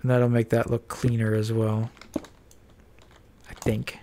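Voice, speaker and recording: A Minecraft let's-player, nose stuffed up, mumbles and reasons aloud while building, keeping the commentary casual. The mid-range delivery is flat and slow, and the background is noisy.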